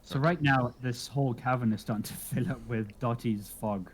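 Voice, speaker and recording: A man's voice: mid-range voice, normal speed, a little hiss or hum. A man narrating as dungeon master for a tabletop game, describing the scene with a laugh in his voice.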